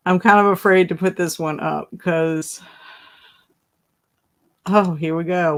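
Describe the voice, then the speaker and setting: A woman chats on a casual live stream. She takes her time, giggles a lot and reads her viewers' comments aloud in a fairly low voice. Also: fairly even intonation, takes it slowly, pauses often. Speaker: livestream host.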